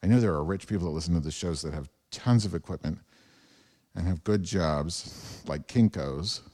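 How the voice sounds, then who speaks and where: A man with a very low, dark, mellow voice rambles through a solo podcast from home. He swears freely and mocks himself, jumping from one gripe to the next. The sound is close and direct from a clip-on wireless mic. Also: moderate pace. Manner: profane, self-deprecating, rambling. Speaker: podcast host. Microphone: wireless lavalier transmitter.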